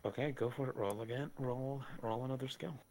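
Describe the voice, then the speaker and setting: A man's voice: mid-range voice, steady tone, fairly quick, a crowd in the background, poor audio. A man running a tabletop role-playing game as game master, explaining rules and describing events casually.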